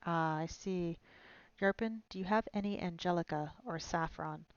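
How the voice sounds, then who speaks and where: A woman's voice: on the low side, normal speed, no echo, dull audio, close to an everyday voice. A woman reading a terse grim monster hunter. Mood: stern. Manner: curt, level.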